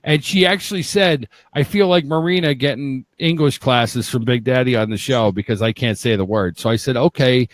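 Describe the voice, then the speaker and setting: A man hosting a live podcast, loud and teasing, swearing freely in casual banter with his guests. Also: mid-range voice, moderate pace, hardly any pauses, no echo. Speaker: podcast host.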